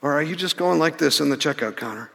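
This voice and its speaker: A man in his sixties telling a story in a sermon, animated, often restarting his words. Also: on the high side, quick pace, vocal fry. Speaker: pastor. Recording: reverberant church hall.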